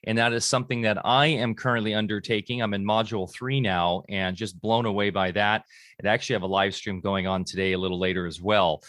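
A man's voice: lowish voice, steady tone, quick pace, a bit bright, no echo, studio quality. Hesitant man hosting a podcast. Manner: hesitant, many ums and uhs. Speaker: podcast host. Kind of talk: casual podcast talk.

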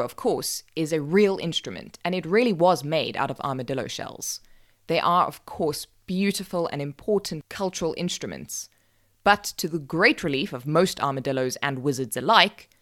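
Low-pitched woman telling a folk tale, dry deadpan humor, voice swings up and down a lot. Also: normal speed. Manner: wry, deadpan asides. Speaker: podcast storyteller. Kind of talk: scripted narration.

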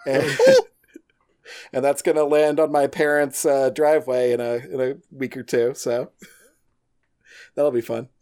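A man's voice: medium pitch, little pitch movement, slow pace, long pauses, a little mellow. A man chatting casually as a podcast guest, talking about making games in a loose, rambling way with lots of restarts. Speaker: podcast guest, game designer.

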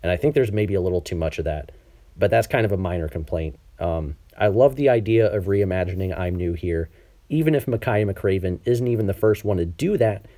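A man's voice: sits low, lively intonation, brisk, mellow. A man hosting a casual podcast over an online call, talking with a slightly nasal tone and lots of ums and restarts. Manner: chatty, many ums and restarts. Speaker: podcast host. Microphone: over Skype.

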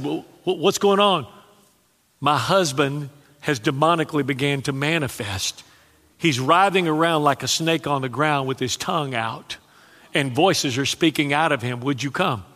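A man preaching a sermon, telling stories with dramatic pauses and chuckling asides. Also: a little high, bright, forceful tone. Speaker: pastor. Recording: long hall reverb.

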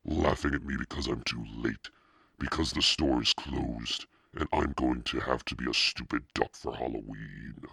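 Deep-voiced guy doing a nervous little girl, stammery, dry close sound. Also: moderate pace, gravelly, bright, forceful tone, breathy edge, dry recording, exaggerated voice. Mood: unhappy. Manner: stammering, pleading. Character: timid determined young girl.

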